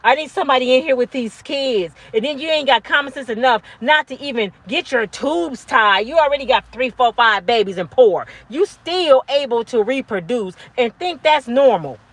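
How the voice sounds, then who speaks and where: A woman in her fifties giving a blunt, profane, preachy monologue to camera, yelling at times. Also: sits high, no room sound. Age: 50s. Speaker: motivational vlogger.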